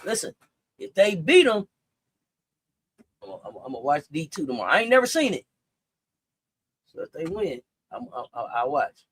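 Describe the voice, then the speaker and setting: A woman's voice: deep voice, sing-song, fast talker, husky. A woman co-hosting a casual sports chat, teasing and playful, breaking into silly sound effects. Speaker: co-host.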